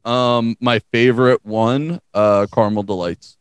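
A man's voice: mid-range voice, steady tone, measured pace, clean tone, dry recording. A young man co-hosting a podcast in casual chat, joking loosely and laughing often. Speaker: podcast co-host.

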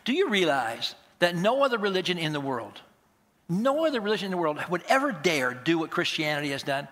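High, bright-voiced preaching man. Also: brisk. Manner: animated, emphatic, acts out dialogues. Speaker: pastor. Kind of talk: sermon.

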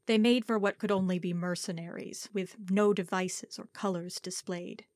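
A woman narrating historical fiction in a measured, formal storytelling manner. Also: medium pitch, fairly even intonation, darkish tone, no echo. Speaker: audiobook narrator.

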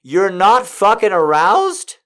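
A man's voice: on the low side, slow pace, pitched below the performer's own voice. A man reading out a nervous young woman.

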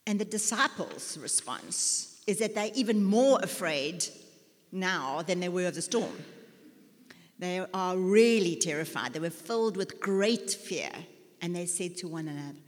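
A woman's voice: on the low side, animated, measured pace. A woman giving a conversational sermon, chatty and self-mocking, with many fillers and restarts. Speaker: lay preacher. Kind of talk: conversational sermon with personal stories. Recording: long hall reverb.

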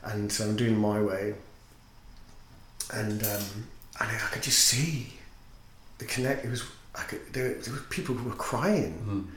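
A man who teaches and sings is a guest on a podcast, and his lowish, fairly bright voice moves at a measured pace. In this casual interview he tells his story earnestly and reflectively, recorded with roomy echo and faint noise.

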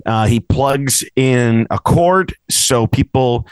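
A man's voice: medium pitch, slow, clear, resonant tone, no room sound. A man from Massachusetts co-hosting a casual podcast chat, teasing and joking with his friend. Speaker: podcast co-host.

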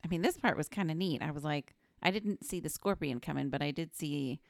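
A woman's voice: sits low, fairly quick, vocal fry, no echo, studio quality. A woman co-hosting a podcast, chatting about a film in a laid-back way. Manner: laid-back, often laughing along. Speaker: podcast co-host. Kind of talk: casual film chat.

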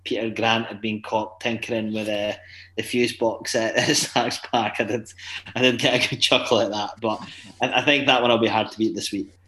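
A man in a casual podcast chat, bantering quickly and laughing along. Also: on the low side, fairly bright tone, roomy sound. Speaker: podcast co-host.

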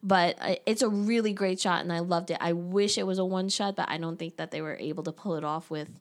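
A woman's voice: lowish voice, steady tone, quick pace. A woman in casual conversation, often laughing as she picks out her favorite movie scenes. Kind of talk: casual movie recap chat.

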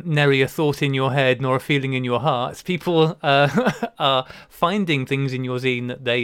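Guy w average pitch, friendly teasing podcast chat. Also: fairly bright tone, clear, resonant tone. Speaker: podcast co-host. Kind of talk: casual chat.

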